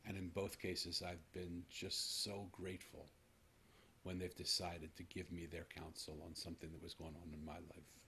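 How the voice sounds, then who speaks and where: A man's voice: low voice, level tone, normal speed, creaky, pushed and bright, slight background noise. A man in his sixties, a podcast host telling a personal story to his guest in an earnest, reflective way. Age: 60s.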